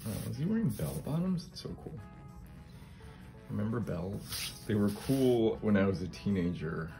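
At a normal speed, a middle-aged channel host with a fairly low, gravelly voice sounds very animated over music. The collage artist casually demonstrates a craft, thinking aloud and often tacking a questioning "right?" onto what he says.

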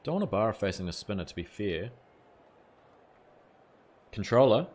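A man's voice: lowish voice, big pitch swings, moderate pace, darkish tone, slight background noise. A man streaming a cricket video game live, chatting casually with viewers and swearing now and then. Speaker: gaming streamer.

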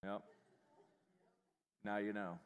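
A man preaching a live sermon as pastor in a church, animated and joking, with self-deprecating humor. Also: fairly low pitch, slow pace, smooth, long reverb tail. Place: church sanctuary.

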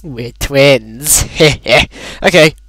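A man chatting excitedly while playing a game, laughing often and swearing when flustered. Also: medium pitch, extremely slow, dry recording, low-quality recording. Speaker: player. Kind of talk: casual gaming chat.

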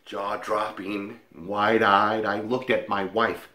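A man's voice: mid-range voice, slow pace, echoey room. Man telling a playful rhyming tale. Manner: lively, playful sing-song reading. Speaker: woodworking video maker. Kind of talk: rhyming story narration.

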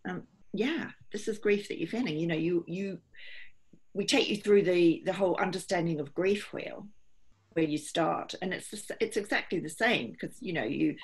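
A woman's voice: on the low side, gravelly, breathy edge. A middle-aged woman, a holistic therapist, explaining earnestly and steadily in an interview, often voicing what her clients think.

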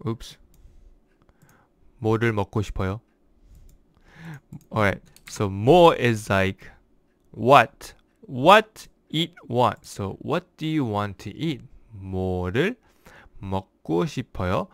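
Male teacher, casual lesson delivery, smooth clear tone, dry close recording. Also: fairly low pitch, lively intonation, no room sound. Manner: explains word by word, slowing down for examples. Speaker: language teacher.

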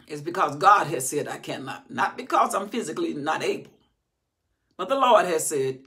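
A middle-aged woman teaching scripture with a gravelly, bright-edged voice. She reads a verse, then drives her point home with emphatic repetition. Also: low-pitched, big pitch swings, moderate pace. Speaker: Bible teacher. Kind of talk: Bible study teaching.

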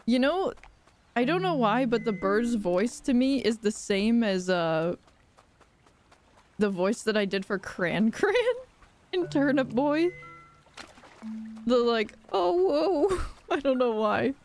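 A young woman live-streaming a game playthrough, playful and giggly, reacting out loud. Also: a little high, expressive, slow, long pauses, faint music behind.

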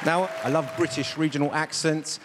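Man doing deadpan stand-up in a loud theatre. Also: on the high side, normal speed, in a large hall. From Italian heritage. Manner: deadpan setups, switching into voices and accents. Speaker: impressionist comedian. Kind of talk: stand-up comedy routine. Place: large theatre stage with a cheering audience. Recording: loud live crowd and noise.

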